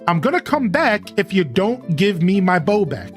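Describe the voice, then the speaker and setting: A streamer voicing a calm grown man in an online game who patiently asks for his things back. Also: medium pitch, moderate pace, faint music behind, natural voice. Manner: patient, pleading, then firm. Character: calm adult male gamer asking for his stuff.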